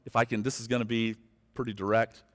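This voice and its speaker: A man preaching a sermon as pastor, turning from quiet, slow reflection to loud, fervent pleading with his listeners. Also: fairly low pitch, level tone. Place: church sanctuary. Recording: long hall reverb.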